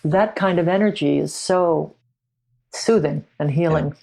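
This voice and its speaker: A middle-aged woman who is a podcast guest, telling a personal story in a reflective, halting way with frequent restarts. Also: low-pitched, creaky, mellow.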